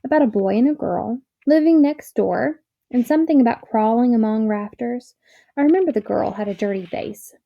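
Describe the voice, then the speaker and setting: A woman voicing a curious, excitable young boy in a storybook reading. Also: a little high, moderate pace, creaky, highs cut off. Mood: dreamy. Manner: eager, exclaiming, a little dreamy.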